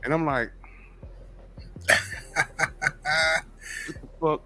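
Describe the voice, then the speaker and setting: Middle-aged new guy telling a crude funny story, bright voice, kinda high. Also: normal speed, soft background music. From New York. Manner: animated, profane storytelling. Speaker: podcast host. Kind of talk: casual chat.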